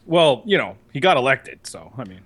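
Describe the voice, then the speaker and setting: A man co-hosting a podcast in casual chat, rambling and profane, slipping into quick impressions. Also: mid-range voice, big pitch swings, a bit bright. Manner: rambling, profane, mimics people. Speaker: podcast co-host.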